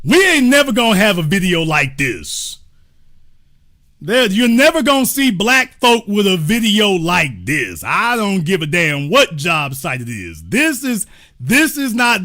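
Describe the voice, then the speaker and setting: A man hosting a show, giving casual, joking commentary on a video and talking straight to his viewers. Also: high-pitched. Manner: animated, joking, talks to viewers as y'all. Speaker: host.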